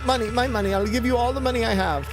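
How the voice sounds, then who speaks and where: A frightened, cowardly arms dealer begs in a high, strained voice, as a man puts him on. The pitch climbs sharply and game music runs underneath. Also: quick pace. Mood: pleading.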